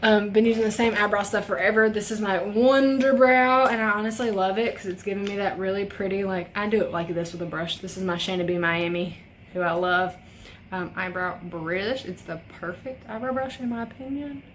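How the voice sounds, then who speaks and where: A woman's voice: mid-range voice, steady tone, a little fast, fairly bright tone, slight background noise. A young woman chatting while doing a makeup tutorial, telling a rambling story with lots of swearing. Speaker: beauty vlogger. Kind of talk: casual makeup tutorial chat.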